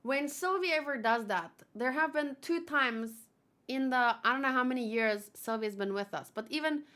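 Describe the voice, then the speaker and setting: A woman hosting a manga read-along, chatting casually with quick, giggly asides. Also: high-pitched, a bit bright. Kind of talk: casual chat and reading aloud.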